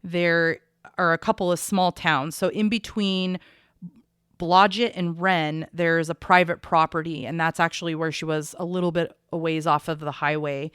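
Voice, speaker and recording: A woman co-hosting a true crime podcast, recounting case details in a measured, conversational way. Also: fairly low pitch, fairly even intonation, a bit bright, clean tone, dry recording, studio quality.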